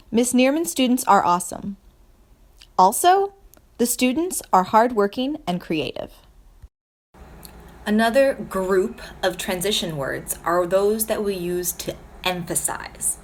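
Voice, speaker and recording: A woman teaching a speech and language lesson to her students, explaining slowly and clearly with example sentences. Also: medium pitch.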